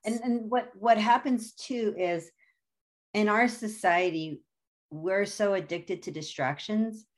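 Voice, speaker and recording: A woman's voice: mid-range voice, takes it slowly. A woman, a guest author, speaking in an earnest, reflective way as she tells personal stories in a conversational interview.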